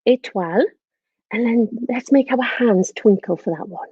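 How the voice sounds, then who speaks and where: Woman, children's French teacher, sing-song, drawn-out repetitions, dry, muffled home mic. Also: a little high, warm tone, slightly rough, no echo. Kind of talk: online lesson for children.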